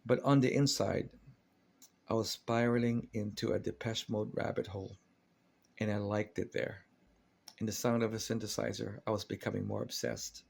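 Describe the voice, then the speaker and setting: A man's voice: fairly low pitch, steady tone, moderate pace, gravelly, breathy edge. A man telling a personal story in a casual, rambling, earnest way, often restarting his sentences.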